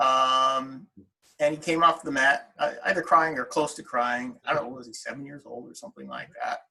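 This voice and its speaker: A man's voice: mid-range voice, animated, moderate pace, pushed and bright, rough recording. A middle-aged man, a wrestler's father, telling stories in a casual interview, with many fillers and restarts.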